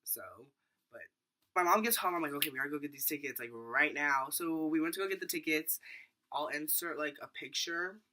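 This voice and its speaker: A man's voice: a little high, a little fast, background noise. A teenage boy telling a rambling storytime vlog, full of fillers and acted-out quotes. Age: teens. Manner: rambling, filler-heavy, animated retelling. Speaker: vlogger.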